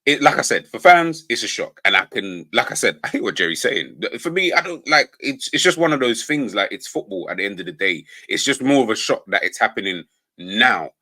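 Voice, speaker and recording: A man's voice: fairly low pitch, expressive, brisk, pushed and bright, dry recording. A man on a football fan panel, rambling and thinking aloud as he talks. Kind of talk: casual podcast chat.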